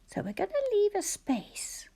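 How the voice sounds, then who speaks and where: A woman teacher dictating spelling sentences slowly and carefully, often whispering the sounds and syllables of words. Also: very high-pitched, big pitch swings, dark tone. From Scotland. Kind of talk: slow spelling dictation lesson.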